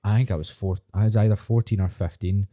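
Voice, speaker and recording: Man, young, low voice, quick blunt chat, podcast guest. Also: steady tone, dark tone. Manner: blunt, swearing, laughs through stories. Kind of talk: casual chat.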